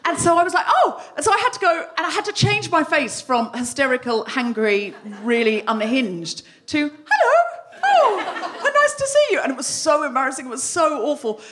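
A woman hosting a live comedy podcast, telling a story on stage with animated, breathless delivery and shrieking acted-out quotes. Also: sits high, brisk, hardly any pauses, noisy background. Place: live venue with audience laughter.

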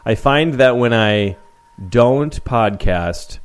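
A married man co-hosting a podcast in casual chat, with a wry, deadpan sense of humor. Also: mid-range voice, slow pace, clear, resonant tone. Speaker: podcast co-host.

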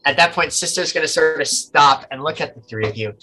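Bright-voiced game master narrating. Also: male voice, a little high, soft background music, low-quality recording. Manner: relaxed, halting narration with fillers.

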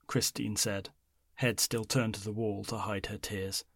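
Measured man narrating a horror story. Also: flat delivery, vocal fry, no echo, clean studio sound. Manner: measured, low-key storytelling.

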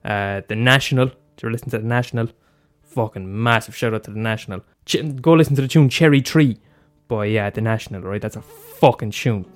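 A man's voice: fairly low pitch, a little fast, hardly any pauses. Rambling, swearing man podcasting. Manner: loose and profane, many fillers and restarts. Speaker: podcast host. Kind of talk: rambling solo podcast chat.

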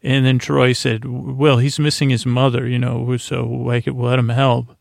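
A man's voice: medium pitch, flat delivery, measured pace, vocal fry, dry recording, studio quality. A man hosting a sleep podcast, recapping a TV episode in a meandering, drowsy way and often losing his place. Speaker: podcast host.

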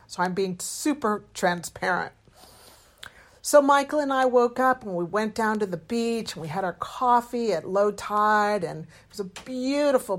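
A middle-aged woman and doctor hosting a podcast, telling a personal story in an earnest, open, expressive way with lively swings in tone. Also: mid-range voice. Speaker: podcast host and medical doctor.

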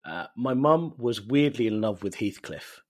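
A man from East London, a native Bengali speaker, telling animated, self-mocking stories as a guest in a casual interview. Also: mid-range voice, measured pace. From East London, England. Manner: animated storytelling, laughs often, self-mocking.

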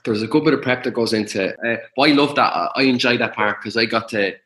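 A man, the partner of the guest, chatting in a relaxed, hesitant way. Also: medium pitch, fast. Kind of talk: casual chat.

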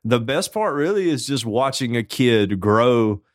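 A man's voice: medium pitch, a little slow, dry recording, clean studio sound. A man co-hosting a podcast, chatting casually and telling joking stories about his life as a foster parent. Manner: joking, animated storyteller. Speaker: podcast co-host. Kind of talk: casual chat.

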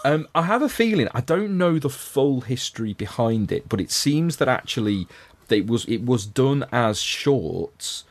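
A man's voice: mid-range voice, sing-song, a little slow. A man with a Liverpool accent, talking through a cartoon in a casual podcast chat, analytical and full of restarts. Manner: analytical, many restarts and fillers. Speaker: podcast co-host.

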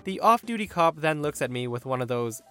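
A man with a slightly raised voice tells a story on his podcast, getting animated and indignant as he acts out what people said. Faint music plays softly behind him. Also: on the high side, a little fast. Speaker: podcast host. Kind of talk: storytelling narration.

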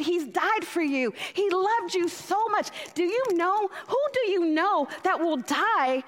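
A woman preacher delivering a fervent sermon, exhorting her listeners and repeating phrases for emphasis. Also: very high voice. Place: large church hall. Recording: echoey hall.

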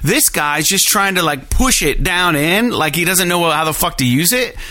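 A man casually telling a long story in a profane, animated way, acting out the people he quotes. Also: sits high, moderate pace.

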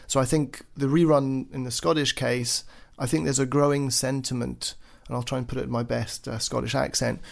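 A man's voice: mid-range voice, steady tone, brisk, vocal fry. A man speaking fluently and emphatically as a panelist in a political podcast. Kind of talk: analytical discussion.

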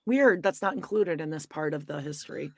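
A woman's voice: low voice, expressive, a little fast, no room sound. A woman co-hosting a podcast in casual chat, chiming in with dry, teasing remarks. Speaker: podcast co-host.

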